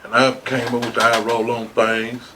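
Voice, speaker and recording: Background noise sits under a man's mid-range voice as he talks at a moderate pace. Appearing as an interview guest, he recounts a long story with animation, freely swearing and acting out quotes.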